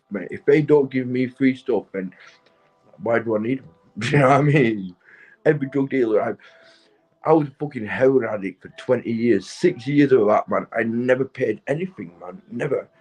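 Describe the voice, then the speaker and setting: A middle-aged man, drunk and high, rambling and swearing to his livestream viewers from his sofa at home. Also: normal speed, a little mellow, slightly rough, soft background music, rough recording. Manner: rambling, swearing, keeps asking "do you know what I mean". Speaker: livestream host. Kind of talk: rambling casual livestream chat.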